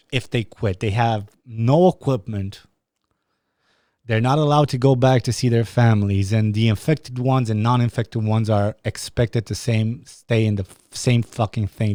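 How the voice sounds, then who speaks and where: A man with a Romanian accent rants into his podcast mic, swearing hard and breaking off to restart his sentences. His voice sits in a middle pitch, warm and dark in tone. The room sounds dry and close. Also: no echo. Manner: ranting, heavy swearing, frequent restarts. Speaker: podcast host. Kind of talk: angry profane monologue.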